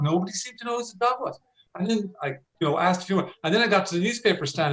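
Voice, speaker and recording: Male storytelling coach on a video call, fairly high voice, animated and theatrical, restarts often. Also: fast talker, low-quality recording. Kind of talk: conversational talk on a video call.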